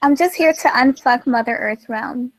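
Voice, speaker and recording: A woman's voice: high voice, moderate pace, no room sound. A woman on a live video chat, speaking earnestly and asking indignant questions. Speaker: panel guest. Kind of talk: casual chat.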